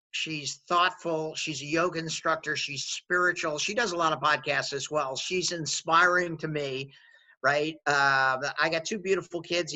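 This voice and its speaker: A man in his sixties, a sales executive and podcast guest, telling his career story in an energetic, enthusiastic way. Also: on the high side, rough recording. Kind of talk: casual interview storytelling.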